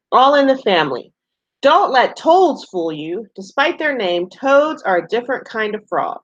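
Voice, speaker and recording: Woman teacher, young adult, slow expressive read-aloud for kids, muffled lo-fi recording. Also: medium pitch, no echo. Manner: slow, expressive storybook reading with playful animal sounds. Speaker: preschool teacher. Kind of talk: reading a picture book aloud to young children. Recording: dull lo-fi sound in a dry room.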